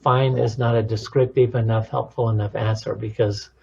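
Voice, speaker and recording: A man talking as a counselor, teaching about relationships in a calm, measured way. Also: on the low side, vocal fry, breathy edge, muffled recording. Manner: calm, measured, demonstrates tones of voice. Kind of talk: instructional talk on relationships.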